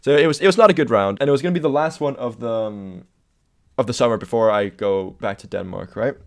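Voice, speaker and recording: A man co-hosting a podcast, joking around and telling stories in a relaxed, playful way. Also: mid-range voice, fast talker. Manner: playful, laughing, lively intonation. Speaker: podcast co-host. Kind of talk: casual chat.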